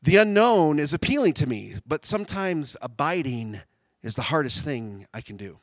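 A man preaching a sermon, animated, swinging from loud shouts down to quiet, intimate tones. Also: a little high, normal speed, no echo.

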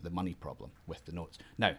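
A man chatting casually, explaining money to a child with halting restarts. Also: low voice, pushed and bright, slightly rough.

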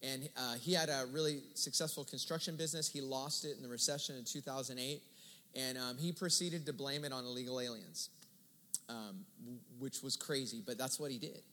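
A man's voice: mid-range voice, brisk. Conversational preacher man, big echoing hall. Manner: conversational, animated retelling with quoted dialogue. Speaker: pastor. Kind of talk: sermon storytelling. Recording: long hall reverb.

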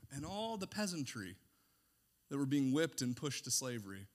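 Animated, sarcastic male preacher. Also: a little high, brisk. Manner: animated, sarcastic, swings between hushed asides and shouting. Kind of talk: sermon.

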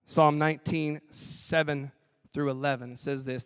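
A man who is a professor preaching a chapel sermon in an animated, playful way. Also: on the high side, fairly quick. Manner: animated, playful, acts out skits with laughs. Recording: long hall reverb.

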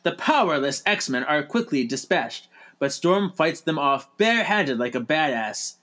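A man co-hosting a casual podcast, playful and quick to laugh. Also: a little high, big pitch swings, pushed and bright. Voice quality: playful, quick to laugh, does silly voices. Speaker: podcast co-host.

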